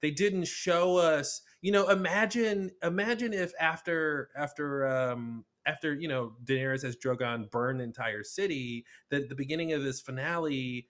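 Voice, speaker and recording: A man's voice: on the high side, moderate pace, few pauses, fairly bright tone. A man in a casual podcast discussion, building an argument point by point.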